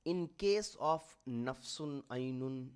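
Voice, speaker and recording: Slow, patient male grammar teacher. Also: mid-range voice, animated, a little mellow, smooth. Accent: South Asian English. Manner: slow, explanatory, repeats terms for emphasis. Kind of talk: online grammar lecture.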